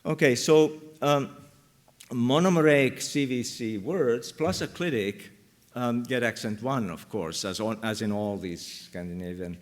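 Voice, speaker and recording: A man's voice: medium pitch, unhurried. A man giving an academic conference talk on linguistics, hesitant and full of fillers as he thinks aloud. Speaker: linguistics lecturer. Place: university lecture room.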